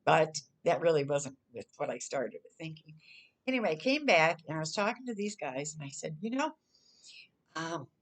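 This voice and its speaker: A woman's voice: low-pitched, fairly quick. Chatty older woman telling a story. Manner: chatty, animated, acts out her own quoted lines. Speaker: storyteller vlogger. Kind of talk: casual storytelling.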